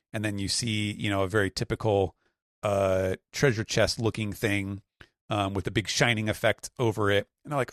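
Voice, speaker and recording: A man on a podcast panel chats casually and describes things in a rambling way, with plenty of "uh"s and "like"s. His voice sits on the low side. The sound is dry and close, with no room echo. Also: fairly even intonation, normal speed, a bit bright. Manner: rambling, filler-heavy description with acted quotes. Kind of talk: casual chat.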